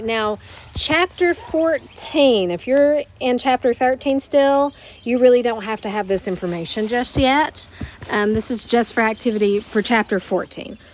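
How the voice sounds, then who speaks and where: A woman's voice: medium pitch, a little mellow, a little hiss or hum. Patient woman teaching grammar. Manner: patient, explains step by step, slows down to model phrases. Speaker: Spanish teacher. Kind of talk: recorded grammar lesson.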